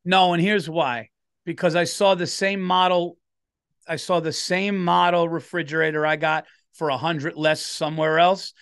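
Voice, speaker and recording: A man's voice: fairly high pitch, steady tone, normal speed, fairly bright tone, clear, resonant tone. A middle-aged man, a comedian telling a story on a podcast and doing the voices of the people in it. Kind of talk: casual storytelling chat.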